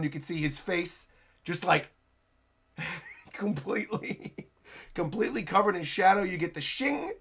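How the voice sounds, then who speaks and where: A man's voice: high voice, vocal fry, fairly bright tone. A man hosting a livestream and reacting to a manga chapter, enthusiastic as he reads his chat aloud. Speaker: livestream host.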